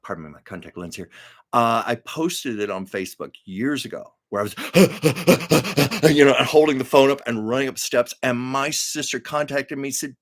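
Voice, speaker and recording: A man's voice: medium pitch, fairly bright tone. An older man hosting a live stream, telling rambling stories in a chatty, casual way with frequent fillers.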